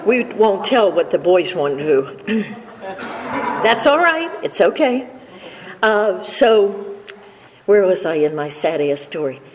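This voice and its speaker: Taking it slowly with lively intonation, an older woman with a fairly low, slightly mellow voice shares a humorous personal story at a recovery meeting. A slight stutter and many restarts mark her delivery as the live audience laughs. The reverberant hall adds faint noise.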